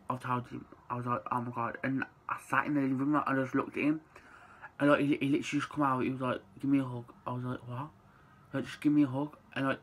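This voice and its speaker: Chatty young man, flat delivery. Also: mid-range voice, rough recording. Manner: chatty, lots of "like", swears freely. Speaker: vlogger. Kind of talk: casual storytelling to camera.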